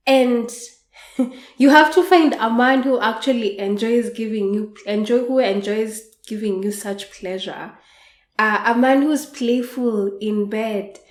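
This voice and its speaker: A woman podcast host telling a frank, unhurried story in a candid monologue, with soft laughs. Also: a little high. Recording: roomy echo.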